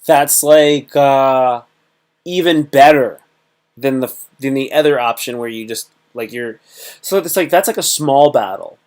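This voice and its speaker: A man's voice: mid-range voice, unhurried, a little mellow. A man hosting a casual livestream talk, rambling and repetitive, often acting out little dialogues. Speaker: host. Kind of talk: casual livestream monologue on self-improvement.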